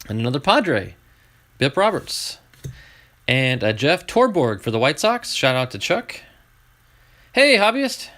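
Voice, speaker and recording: A man opening packs of baseball cards on a live stream, chatting to viewers and getting excited over each find. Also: mid-range voice, a little slow. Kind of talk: live card-opening chat.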